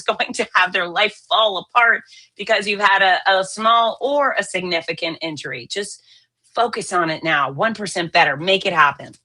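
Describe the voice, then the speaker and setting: Emphatic, pointed woman with a bright voice. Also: mid-range voice. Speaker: fitness author and guest. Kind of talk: interview conversation.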